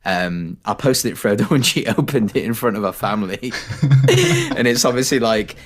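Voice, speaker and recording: A man's voice: medium pitch, a little fast. A young British man co-hosting a podcast, telling stories in a chatty, self-deprecating way. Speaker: podcast co-host. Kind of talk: casual chat.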